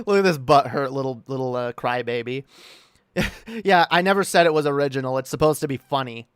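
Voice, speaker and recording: A man's voice: mid-range voice, a little fast, clear, resonant tone, no room sound, studio quality. A man streaming casual commentary in a mocking, combative way. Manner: mocking, combative, laughs often.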